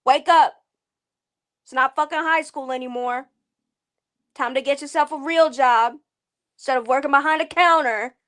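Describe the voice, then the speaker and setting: A woman's voice: high-pitched, normal speed, pauses often, fairly bright tone. A woman on a livestream ranting with scorn and profanity about someone she dislikes. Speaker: stream guest. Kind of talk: angry livestream rant.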